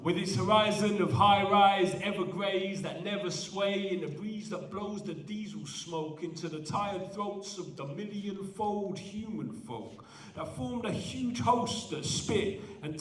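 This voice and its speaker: Poet, male, high pitch, animated rhythmic delivery, heard from afar in a roomy space. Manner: animated, self-deprecating between poems. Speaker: poet performing at a student event. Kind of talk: spoken word poetry performance. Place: large indoor event hall. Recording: echoey hall, voice from a distance.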